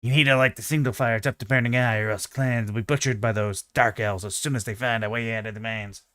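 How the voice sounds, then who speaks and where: A man's voice: lowish voice, steady tone, quick pace, a bit bright, no echo, studio quality, natural voice. A man voicing a wounded male dwarf warrior who is grim and near death, using old-fashioned dwarf speech as he reads game dialogue aloud.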